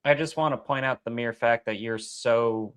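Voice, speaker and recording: A man's voice: medium pitch, normal speed, a bit bright, clear, resonant tone, no room sound. A man debating on a stream, making dry, mocking jabs. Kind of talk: casual debate banter.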